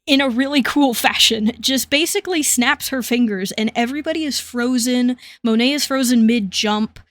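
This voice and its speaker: Podcast co-host, female, relaxed plot narrator, a bit higher pitched, dead-dry recording. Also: normal speed, no room sound. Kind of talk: casual comic recap chat.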